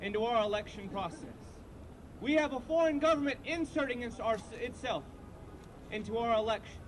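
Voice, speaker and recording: A man leading a veterans group, giving an earnest, halting rally speech outdoors and repeating himself. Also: extremely high pitch. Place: outdoor street protest. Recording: crowd noise outdoors. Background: crowd and street noise.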